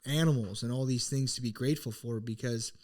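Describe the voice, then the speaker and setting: Middle-aged man, podcast co-host, casual storytelling, earnest, reflective, mid-pitched voice. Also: fairly quick, darkish tone. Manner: earnest, reflective, full of restarts.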